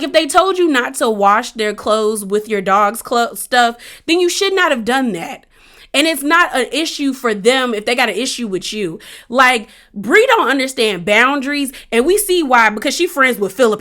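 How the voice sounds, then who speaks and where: A young woman casually recapping a reality show in a chatty, slangy way, acting out the cast's lines as she goes. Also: on the high side. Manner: chatty, slangy, animated retelling with acted-out quotes.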